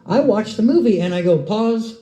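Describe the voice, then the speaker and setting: A man preaching a sermon, telling stories with lively swings up in pitch when he gets excited. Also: normal speed. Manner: animated storyteller, pitch jumps up when excited. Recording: roomy echo.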